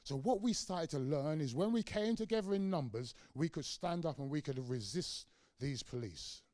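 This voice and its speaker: A man's voice: a little high, expressive, normal speed, a little mellow, no room sound. A man in his sixties with a London accent gives a public lecture, telling stories with passion and acting out the dialogue. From London, England. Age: 60s. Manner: passionate storytelling, acts out dialogue. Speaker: community activist lecturer. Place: lecture room.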